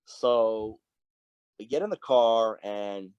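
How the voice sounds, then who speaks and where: A man's voice: on the low side, slow pace, darkish tone, clean tone, no room sound, lo-fi sound. Profane, storytelling biker man. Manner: profane, vivid storyteller who acts out quoted dialogue. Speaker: biker club sergeant at arms, podcast guest. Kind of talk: storytelling in a casual interview.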